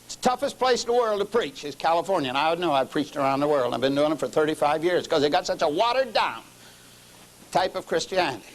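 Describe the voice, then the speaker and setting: A man's voice: animated, quick pace, poor audio. Emphatic storytelling preacher, a man. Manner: storytelling preacher, swings from low murmurs to raised emphatic passages. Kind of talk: sermon.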